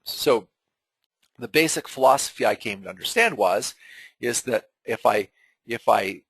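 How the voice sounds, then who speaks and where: A middle-aged man teaches an online webinar in an unscripted, conversational way, often restarting and repeating words. His voice is husky and gravelly, with a breathy edge. The sound is close and dry, with no room around it. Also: medium pitch, a bit bright, no echo, low-quality recording. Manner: conversational and earnest, with frequent fillers and repeated words.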